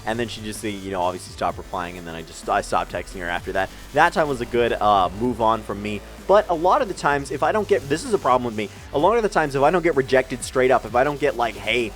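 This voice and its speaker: Fast-talking young man rambling a storytime. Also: medium pitch, lively intonation, soft background music. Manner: rambling, self-mocking, swears freely. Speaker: gaming channel storyteller. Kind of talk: storytime commentary over gameplay.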